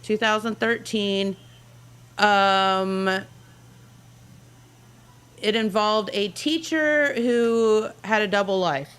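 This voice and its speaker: A woman on a call reading out quiz clues in a casual chat, upbeat and quick to laugh. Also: medium pitch, a bit bright, clear, resonant tone, low-quality recording. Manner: upbeat, laughs often, reads clues with pauses. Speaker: guest caller.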